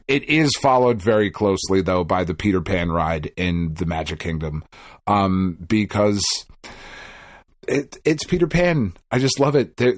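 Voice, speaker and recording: A man with a lowish voice co-hosts a gaming podcast, recorded dry with clean studio sound. Chatting casually, he swears freely and acts out quotes as an animated storyteller.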